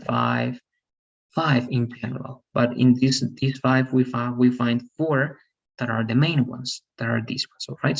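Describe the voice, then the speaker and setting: Patient husky teacher. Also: male voice, mid-range voice, highs cut off. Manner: patient, repetitive explaining with frequent "all right?" checks. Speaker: English teacher. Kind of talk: online English grammar lesson.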